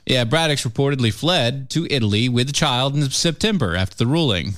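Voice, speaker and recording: Dude doing news banter, dry quips, stumbles over his words, lively up and down voice. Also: mid-range voice, brisk. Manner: wry, deadpan quips, stumbling restarts. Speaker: podcast co-host.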